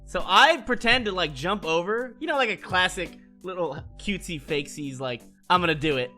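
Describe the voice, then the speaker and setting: A man excitedly recapping a wild night to his stream, swearing and jumping between voices as he tells it. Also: normal speed, faint music behind. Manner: excitable, swears, acts out quotes with big pitch swings. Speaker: streamer telling stories. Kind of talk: animated storytelling recap.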